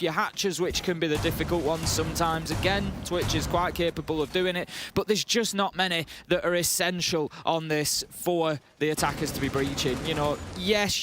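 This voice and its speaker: A man's voice: fairly high pitch, noisy background. A man giving color commentary on an esports match, eager and analytical in a conversational way. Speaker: esports caster.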